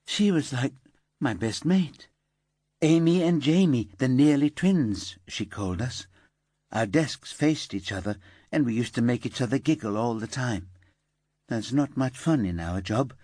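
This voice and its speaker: A man voicing an anxious, eager-to-please young office worker with a high, light, slightly camp voice in an audiobook. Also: animated, a little slow, a little mellow, dry recording, studio quality. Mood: distraught.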